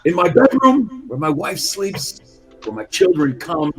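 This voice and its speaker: A man putting on an aggrieved aging mobster who pleads in a strained, raised voice that pitches well above a normal speaking voice. He pushes each phrase loud and emphatic, with a quaver in it, and it comes through as slightly muffled live stream audio. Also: huge pitch swings, a little slow, gravelly, soft background music, full character voice. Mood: aggrieved pleading.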